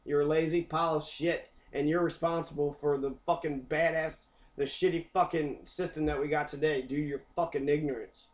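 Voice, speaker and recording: A man lectures over a map in a heated, profane rant, cursing at nearly every turn. His voice sits on the high side for a man and stays blunt and combative throughout. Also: steady tone, a little fast, hardly any pauses. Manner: angry, swears constantly. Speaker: teacher. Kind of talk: profane ranting lesson.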